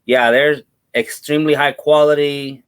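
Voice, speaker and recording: A man co-hosting a casual comics podcast, telling stories in a relaxed, enthusiastic way. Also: a little high, a little slow, clear, resonant tone. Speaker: podcast co-host.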